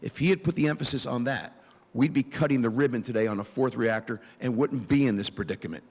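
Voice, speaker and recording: A man speaking as a candidate at a forum, answering forcefully and laying out plans point by point. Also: mid-range voice, fast, husky. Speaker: political candidate. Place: event hall. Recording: long hall reverb.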